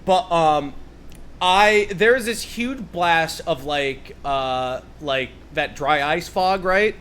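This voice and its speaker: A man telling a story on a live stream, rambling with many fillers and swearing freely, building to loud, animated bursts. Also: fairly high pitch, slow, a little hiss or hum.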